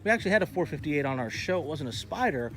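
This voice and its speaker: A man's voice: on the high side, animated, quick pace. A man hosting a casual walkaround of an outdoor car show, chatty and enthusiastic, talking straight to his viewers. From Texas. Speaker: host.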